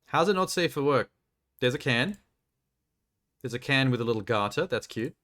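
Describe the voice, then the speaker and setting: A man's voice: mid-range voice, lively intonation, normal speed, a bit bright. A young man live-streaming, chatting casually and making crude jokes while browsing trailers. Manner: joking, crude, rambling commentary.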